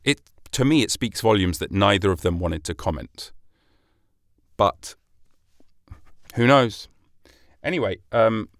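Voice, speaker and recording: A man's voice: lowish voice, animated, a little slow, pauses often, no echo, clean studio sound. A British man hosting a solo podcast in a chatty, rambling way, with some swearing and self-deprecating asides. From Britain. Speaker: podcast host.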